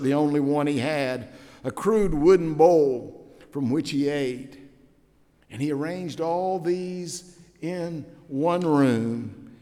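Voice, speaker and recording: Pastor guy mid sermon, kinda high voice, gets quiet then loud, big echoey church. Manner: storytelling with dramatic swings from hushed to loud. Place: church sanctuary. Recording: long hall reverb in a church.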